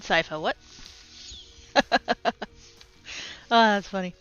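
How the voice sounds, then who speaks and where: A woman's voice: fairly high pitch, unhurried, long pauses, fairly bright tone, muffled recording, soft background music. A woman with an Australian accent chatting casually on a live stream, rambling, laughing often and swearing casually.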